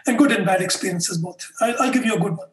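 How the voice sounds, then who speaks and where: A man being interviewed, telling anecdotes in an animated way and acting out the dialogue. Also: high-pitched, fast talker, a little hiss or hum. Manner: animated storyteller who acts out dialogue. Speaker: interview guest, customer experience faculty member. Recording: echoey room.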